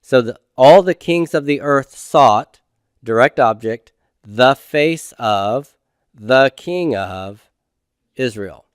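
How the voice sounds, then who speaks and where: A man's voice: medium pitch, animated, takes it slowly, clear, resonant tone, no echo, studio quality. A middle-aged man teaching a recorded grammar lecture. He patiently asks questions and then answers them himself.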